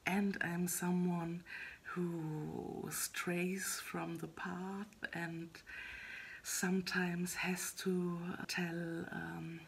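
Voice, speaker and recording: A woman talking in a casual solo vlog about her writing progress, soft and half-whispered, hesitant and halting with many fillers and restarts. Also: lowish voice, flat delivery, creaky, a little hiss or hum. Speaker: web fiction writer vlogging her progress.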